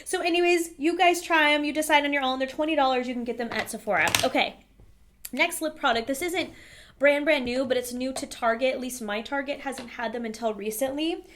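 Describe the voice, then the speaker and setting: A woman's voice: high voice, a little fast, fairly bright tone, a little hiss or hum. A woman vlogger talking to camera in a casual, candid makeup review, chatty with frequent fillers.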